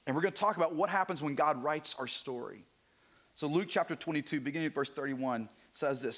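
A male pastor preaching a Sunday morning sermon, moving between hushed, intimate passages and emphatic, rising declarations. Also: a little high, a little fast. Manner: swings from hushed to emphatic, repeats words when building a point.

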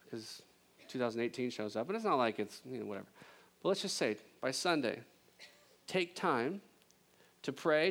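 A man preaching a sermon as pastor, conversational and joking, with emphatic swings between loud intensity and a hushed delivery. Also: on the high side. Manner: conversational with jokes and laughter.

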